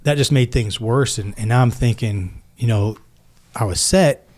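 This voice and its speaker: A man's voice: medium pitch, moderate pace, darkish tone. A man in his forties, a military veteran and podcast guest, earnestly retelling a personal story and acting out both sides of each conversation.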